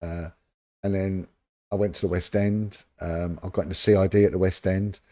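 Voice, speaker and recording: A man's voice: low-pitched, normal speed. A middle-aged man with a London accent, a former detective telling stories in a casual interview and acting out the people in them. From London, England. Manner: animated anecdotes, acting out quoted voices. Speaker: former police detective, podcast guest.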